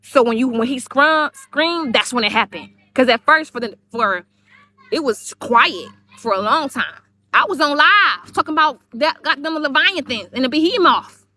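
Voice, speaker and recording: A woman's voice: high-pitched, animated, moderate pace, bright, forceful tone. Rambling, cursing woman livestreaming. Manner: rambling, profane, repeats herself. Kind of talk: heated livestream monologue.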